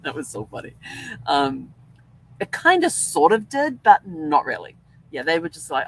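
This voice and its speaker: Chatty older woman host, lower voice. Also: big pitch swings, a little slow, long pauses, rough recording. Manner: chatty, rambling, laughs often. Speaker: podcast host. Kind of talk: casual storytelling monologue.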